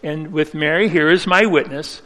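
A man preaching a sermon, telling a personal story earnestly with slow, emphatic phrasing. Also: fairly high pitch, sharp tone. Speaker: pastor. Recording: reverberant hall.

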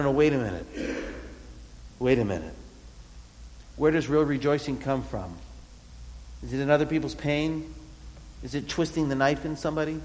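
Expressive preacher in a reverberant hall. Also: male voice, on the high side. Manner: earnest, expressive, acts out voices of the psalmist. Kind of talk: sermon.

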